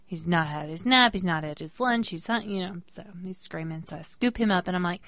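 A young woman, a mother, co-hosting a casual podcast and telling a story with lively voice changes. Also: fairly quick, dry recording. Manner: animated storyteller, jumps into high voices when quoting people. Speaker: podcast co-host. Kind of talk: casual chat.

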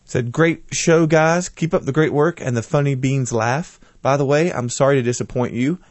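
A man's voice: mid-range voice, normal speed, no echo. Guy on a podcast reading out fan mail, goofs around between messages, dead dry mic sound. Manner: reads out messages with a joking aside. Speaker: podcast co-host reading listener feedback. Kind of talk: casual chat.

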